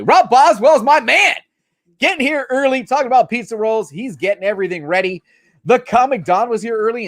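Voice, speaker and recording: A middle-aged man hosting a casual live stream, excitedly shouting out viewers in the chat. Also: high-pitched, dry recording. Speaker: livestream host.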